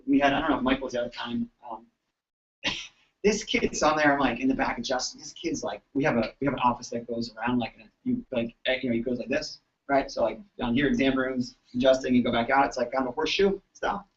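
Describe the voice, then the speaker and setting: A man telling an animated story to a live audience, acting out the voices of the people in it. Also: medium pitch, fast talker. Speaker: chiropractor. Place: event floor at a convention. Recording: distant mic, dull lo-fi sound.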